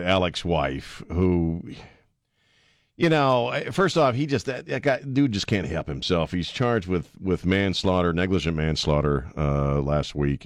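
A man hosting a radio talk show, mocking and opinionated in a sarcastic, animated way. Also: sits low, no room sound, studio quality.

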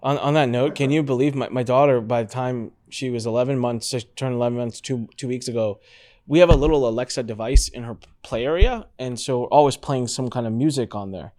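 A man in his thirties hosting a podcast, telling stories in a lively, animated way. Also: mid-range voice, a little fast. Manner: animated storyteller, mimics baby sounds. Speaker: podcast host. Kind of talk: casual panel chat.

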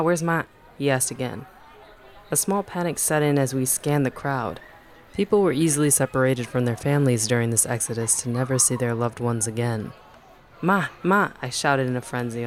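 A man narrates a first-person memoir at a middle pitch. His reading is measured and even, with no notable strain or hurry. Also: slight background noise.

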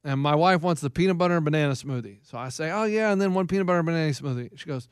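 High-voiced man telling stories. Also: very fast, clear, resonant tone, dry recording, studio quality. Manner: animated storyteller, exasperated rants. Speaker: show host telling a story. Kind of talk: casual chat.

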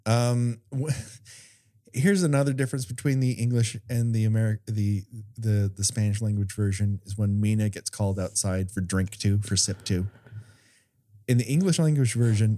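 A man's voice: fairly low pitch, normal speed, mellow. A man co-hosting a podcast, retelling a film in a sarcastic, profane, chatty way. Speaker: podcast co-host. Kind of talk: casual film chat.

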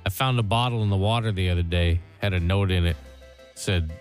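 Deadpan man telling stories on radio. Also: deep voice, a little fast, faint music behind. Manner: deadpan storytelling, reads jokes flatly. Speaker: radio co-host. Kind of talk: casual radio banter.

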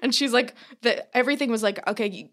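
A young woman co-hosting a podcast, telling a long, animated anecdote in casual chat, full of fillers and swearing. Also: a little high, quick pace. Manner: animated storyteller, filler-heavy, swears freely. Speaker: podcast co-host.

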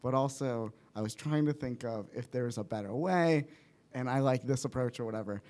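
A man's voice: mid-range voice, normal speed, a little mellow. Laughing man hosting a casual chat. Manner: laughs often, quotes others in playful voices. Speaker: comedian, podcast host.

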